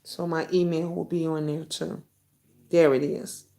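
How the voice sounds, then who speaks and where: A woman's voice: low voice, unhurried, creaky. A middle-aged woman hosting a live stream, talking bluntly and reading viewer comments aloud, with the occasional swear. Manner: blunt and outspoken, swears freely; animated, jumps between comments and stories. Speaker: YouTube talk show host.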